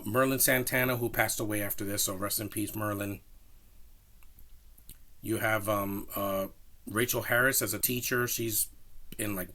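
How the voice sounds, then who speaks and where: A man with a slightly low voice talks through a film review in a loose, casual way. He rambles, restarts, and gets animated when he pushes his opinions. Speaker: movie reviewer.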